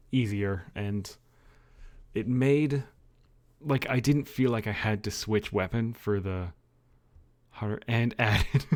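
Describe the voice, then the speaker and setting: Low-voiced man chatting casually on stream. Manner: loose, rambling, joking and swearing. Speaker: livestreamer. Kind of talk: casual chat with viewers. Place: own dimly lit bedroom.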